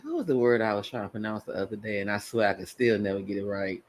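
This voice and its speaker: A woman's voice: extremely low pitch, fast talker. A woman co-hosting a casual live chat, teasing and playfully repeating words. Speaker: livestream co-host.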